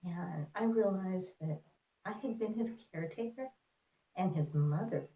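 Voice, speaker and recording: A woman telling a personal story in an earnest, reflective way, with pauses. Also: lowish voice, mellow. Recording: roomy, distant mic.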